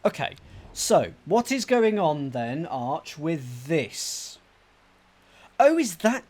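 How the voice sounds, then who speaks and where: A man's voice: a little high, sing-song, slow, darkish tone. A man hosting a let's play, thinking aloud, muttering to himself and reading out game text. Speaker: gaming channel host.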